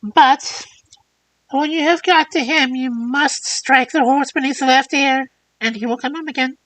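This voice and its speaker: A woman voicing an old crone in a fairy tale, with a high, cracked voice. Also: unhurried, fairly bright tone, low-quality recording. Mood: cryptic.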